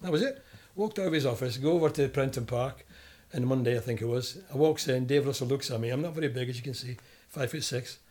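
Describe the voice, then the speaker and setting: An older ex-footballer from Scotland speaks fast at a medium pitch, recounting anecdotes in an interview. He tells them animatedly, acting out the voices of the people in his stories.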